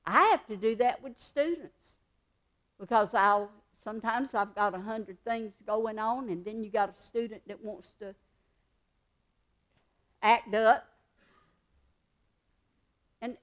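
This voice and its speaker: A Christian woman delivers a devotional teaching in an earnest, conversational manner, repeating her key points for emphasis. Her voice is slightly high and a bit bright.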